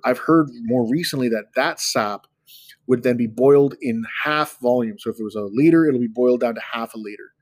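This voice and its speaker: Male podcast host in his thirties, casual storyteller with a chatty, joking manner; mid-pitched voice, dry close sound. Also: dry recording. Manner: relaxed, chatty, self-deprecating.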